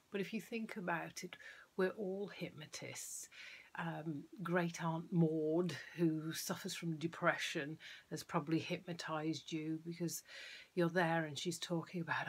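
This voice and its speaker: A woman hypnotherapist explaining her craft in a soft, often half-whispered voice, shaping her tone with falling inflections. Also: low-pitched, fairly even intonation, normal speed, breathy edge. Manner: plays with tone and downward inflections. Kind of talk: explanatory talk.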